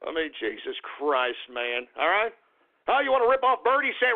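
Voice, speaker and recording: A man's voice: sits high, sing-song, moderate pace, vocal fry. A man hosting talk radio, ranting, profane and repetitive as he berates his listeners. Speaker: radio host. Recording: phone-like talk radio audio.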